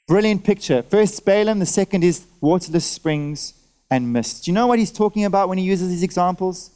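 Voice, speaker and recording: At a church service, a preacher with a notably high voice delivers a sermon through a face mask, speaking at normal speed. Animated, he fires off one rhetorical question after another at the congregation, checking they follow and calling for nods and amens.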